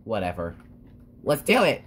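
A woman hosting gameplay commentary, excitable, with sudden squeals and exclamations. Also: rumbling low, moderate pace, husky. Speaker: gamer, channel host.

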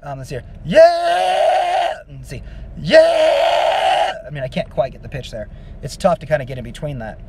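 A man giving a casual singing lesson, explaining vocal technique in a relaxed, rambling way with many fillers. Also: mid-range voice, very fast, shouting, noisy background. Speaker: vocal coach.

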